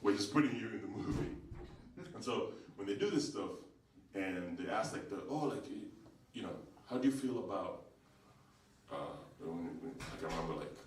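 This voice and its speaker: A Ugandan stand-up comedian with a low-pitched voice and moderate pace works a live comedy club crowd, telling animated stories, acting out quoted voices, and chatting with the audience. The recording is roomy and distant, with audience noise.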